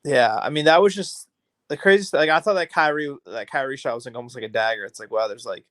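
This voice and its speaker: Excitable man chatting about basketball. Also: medium pitch, quick pace, dry recording, clean studio sound. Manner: excitable, lots of filler likes. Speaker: podcast co-host. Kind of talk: casual sports chat.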